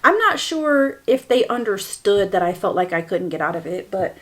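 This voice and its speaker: A woman's voice: big pitch swings, moderate pace. A woman hosting a podcast and telling a personal story candidly, often laughing through painful memories and speaking straight to her listeners. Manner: shifts between soft, hushed lines and bursts of higher, louder emphasis. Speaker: podcast host.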